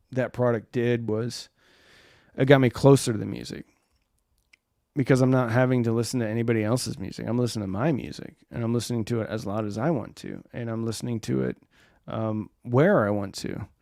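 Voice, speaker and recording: A man's voice: mid-range voice, fairly even intonation, a little fast, darkish tone, dry recording, studio quality. A man in his forties hosting a casual live stream, rambling loosely and answering viewer comments.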